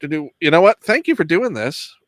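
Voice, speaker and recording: A man hosts a relaxed chat, his voice sitting a little high and jumping around a lot as he jokes. The sound is dry and close, with no room around it. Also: moderate pace, no room sound. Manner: lively, jokey, reads packaging aloud. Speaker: host. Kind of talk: casual chat while opening toys.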